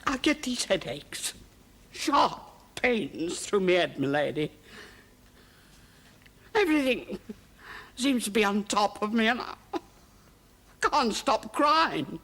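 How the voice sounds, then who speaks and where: A husky, grieving household cook. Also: female voice, medium pitch, sing-song, takes it slowly, pauses often, a bit bright, exaggerated voice. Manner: defensive then grieving, broken speech. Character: strict, tearful middle-aged female household cook. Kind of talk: period television drama.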